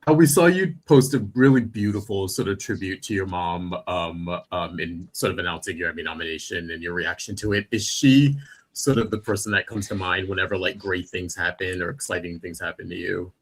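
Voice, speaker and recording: A man with a deep voice co-hosts the interview. He puts his questions to the guest in a measured, gentle way. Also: husky. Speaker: podcast co-host.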